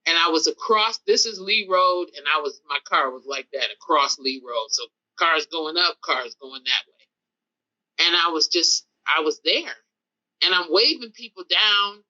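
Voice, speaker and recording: Animated female podcast guest with a bright voice and a lively, storytelling delivery, on a dull lo-fi recording. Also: low voice, measured pace. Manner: animated, vivid retelling with acted-out dialogue. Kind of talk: casual storytelling in an interview.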